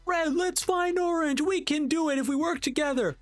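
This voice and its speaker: A man doing a squeaky, excited little kid. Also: normal speed, soft background music. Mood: eager. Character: excited young kids cheering on a friend.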